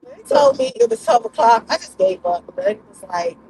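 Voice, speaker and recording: A woman chats about having her baby, her voice swinging high and low as she tells it. She sits a little above most women in pitch. The recording carries steady noise behind her. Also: fairly quick, vocal fry. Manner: animated storytelling, emphatic swings in pitch. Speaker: mother sharing her birth story. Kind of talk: casual chat. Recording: noisy recording.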